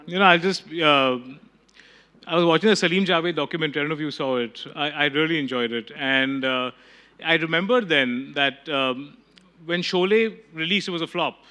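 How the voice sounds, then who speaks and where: A man hosts an interview at a press launch. His voice is bright and forceful and a little high for a man. He talks with chatty enthusiasm and rambling asides. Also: moderate pace. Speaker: interviewer, host.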